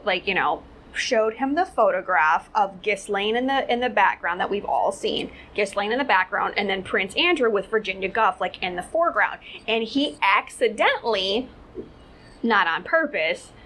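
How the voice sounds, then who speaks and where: On her casual commentary show, a woman rambles sarcastically, peppering everything with "like." Her medium-pitched voice has a fairly bright tone, and the low-quality recording carries a little hiss or hum.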